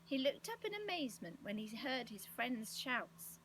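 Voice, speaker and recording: A woman reading a children's storybook aloud with expressive, lively delivery. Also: a little high, moderate pace, a little hiss or hum, rough recording. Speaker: storybook reader.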